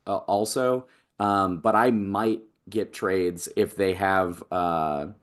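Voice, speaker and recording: A man's voice: low voice, fairly even intonation, slow. A man on a casual comics chat, talking hesitantly with many fillers and restarts.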